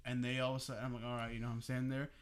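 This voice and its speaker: A young man co-hosting a podcast, telling a story casually among friends in an animated way, swearing freely and laughing as he goes. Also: medium pitch, very fast. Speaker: podcast co-host.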